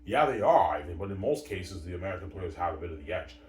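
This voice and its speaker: A man's voice: deep voice, animated, fast, a little mellow. A man playing a cautious, defensive league official. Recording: roomy, distant mic, faint ambient noise.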